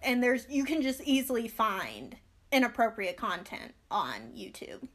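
High-voiced ranting young woman. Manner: animated, ranting, quick asides. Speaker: podcast co-host. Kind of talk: casual chat.

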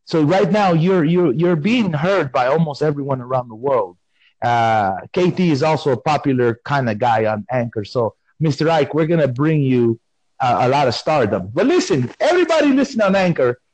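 Man in a lively put-on comic persona. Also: on the high side, normal speed, no echo, rough recording. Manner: playful deadpan put-on persona, insisting he has no accent. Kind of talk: comic in-character chat. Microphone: phone call.

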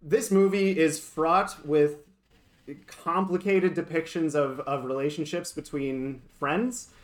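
A man's voice: a little high, fairly even intonation, takes it slowly. A man co-hosting a podcast in casual chat, earnest and playful with a slightly dramatic touch. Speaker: podcast co-host.

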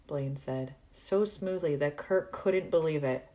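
A woman reads a story aloud with a low, steady voice. She narrates slowly and carefully, letting each sentence settle. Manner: measured, unhurried narration. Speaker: story reader. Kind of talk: reading a fan fiction story aloud.

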